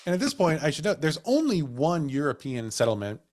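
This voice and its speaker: A man co-hosting a comedy history podcast, telling the story casually with jokes, laughter and quick acted-out asides. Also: on the high side, very animated, darkish tone. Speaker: podcast co-host.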